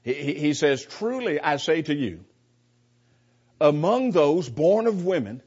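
A man's voice: high voice, a little mellow, husky. A man teaching a Bible class in an emphatic way, asking rhetorical questions and often repeating his words. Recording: dull lo-fi recording.

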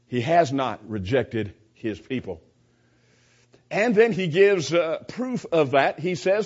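A man's voice: high-pitched, measured pace. A man giving a verse-by-verse Bible teaching, emphatic and repeating his key points. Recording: dull lo-fi recording.

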